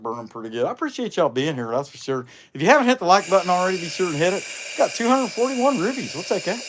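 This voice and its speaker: A man hosting a livestream while chainsaw carving, chatting casually in a rambling, folksy, grumbling way. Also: on the high side. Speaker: chainsaw carver and livestream host. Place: outdoor carving workshop. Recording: loud outdoor noise behind.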